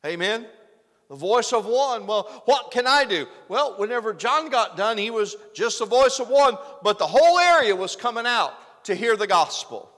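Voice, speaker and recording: A man preaching a sermon, swinging from loud exclamations to hushed, earnest lines. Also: sits high, animated, normal speed. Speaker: pastor. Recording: preaching in a reverberant hall.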